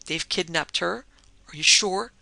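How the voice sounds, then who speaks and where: A man's voice: sits high, unhurried, vocal fry, pushed and bright, dry recording, exaggerated voice, low-quality recording. A man voicing a blunt, hard-boiled male reporter in a pulp adventure audiobook. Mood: brusque.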